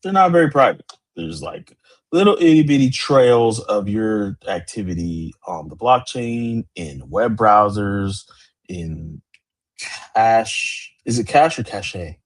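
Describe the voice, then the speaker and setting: Husky low-voiced man hosting a podcast. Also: takes it slowly. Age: 40s. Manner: loose, rambling, animated greetings. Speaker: podcast host. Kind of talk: casual livestream chat.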